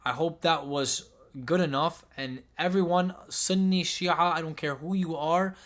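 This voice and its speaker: A young man speaking in a somewhat high voice, delivering heartfelt religious commentary. He grows emotional and pleading, circling back over the same words again and again. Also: fairly even intonation, a little slow, fairly bright tone. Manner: emotional, pleading, repeats himself.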